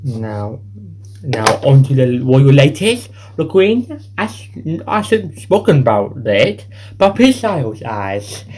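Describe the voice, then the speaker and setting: A man's voice: medium pitch, big pitch swings, slow, a little mellow, slight background noise, rough recording. A man hosting a homemade news show, reading the news in an improvised way that rambles, repeats itself and keeps restarting phrases. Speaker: home news show host.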